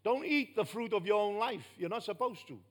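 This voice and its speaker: Male New preacher, high-pitched, emphatic sermon delivery with loud peaks and soft drops. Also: lively intonation, brisk. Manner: emphatic, rising to loud bursts then dropping low.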